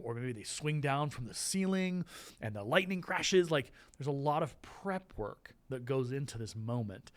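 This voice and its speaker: Animated rambling male teacher. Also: medium pitch. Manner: rambling, animated, with restarts and playful voices. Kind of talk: classroom lesson explanation. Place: classroom.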